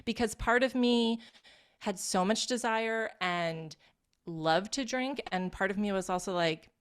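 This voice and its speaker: A woman's voice: medium pitch, unhurried, clear, resonant tone. A woman coach in casual conversation, reassuring and explanatory in how she talks.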